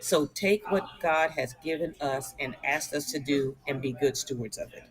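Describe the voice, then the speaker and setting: A woman's voice: sits low, moderate pace, rough recording. Earnest woman sharing a heartfelt story. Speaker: podcast co-host. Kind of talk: casual panel chat.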